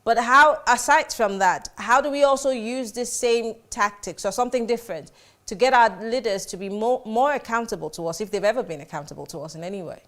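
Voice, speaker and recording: A Nigerian woman moderating a live TV talk show, brisk and pushing guests toward the point. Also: on the high side, fairly bright tone. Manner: brisk, hurries guests along.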